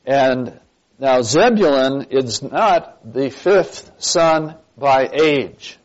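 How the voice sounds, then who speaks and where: A man's voice: mid-range voice, animated, drawn-out words. A man teaching a church Bible class, stressing key points and quizzing his listeners with questions. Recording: dull lo-fi recording.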